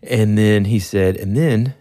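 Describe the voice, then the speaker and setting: A man casually telling a funny story, laughing often and acting out shouted lines. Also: on the low side, measured pace, dry recording, clean studio sound. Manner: animated, laughs often, acts out yells.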